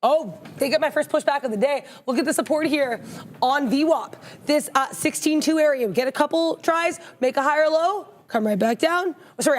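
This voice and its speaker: A woman co-hosting a live trading show, chatty and playful, reading viewer comments and talking through charts. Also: high voice. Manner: chatty, playful, reads chat comments aloud.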